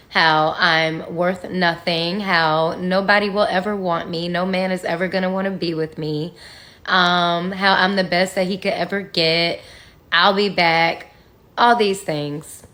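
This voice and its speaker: A woman's voice: fairly low pitch, a bit bright. A woman telling her own story to viewers in a candid, frank way, sometimes swearing, with conversational fillers. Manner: frank and profane, talks straight to viewers.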